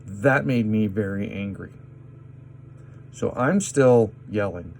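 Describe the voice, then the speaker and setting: Slow-talking, indignant man telling a story. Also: lowish voice, a little mellow, a little hiss or hum. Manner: agitated, indignant retelling with pauses. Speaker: vlogger. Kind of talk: personal story told to camera.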